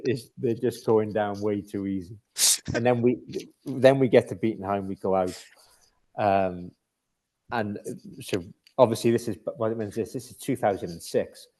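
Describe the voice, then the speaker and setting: A middle-aged British podcast guest, formerly an ice hockey captain, rambles through hockey stories at a measured pace, restarting often and laughing at what he tells. His voice is fairly low and mellow, with fairly even intonation, in a casual storytelling chat.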